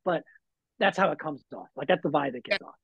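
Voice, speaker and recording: A man's voice: on the high side, a little fast, slightly rough, dry recording, narrow, tinny audio. A man, a wrestler guest on a podcast, telling stories in a laid-back way with lots of fillers. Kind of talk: casual podcast chat.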